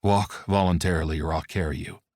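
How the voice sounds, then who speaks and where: A male audiobook narrator voicing a menacing bodyguard who speaks in a low, lethal growl. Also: steady tone, fairly quick, a little mellow, no echo, studio quality.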